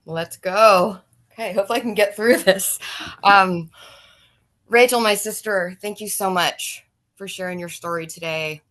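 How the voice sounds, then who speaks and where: A woman on a group video call giving an emotional, earnest, halting thank-you. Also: mid-range voice, fairly bright tone. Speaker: guest on a support call.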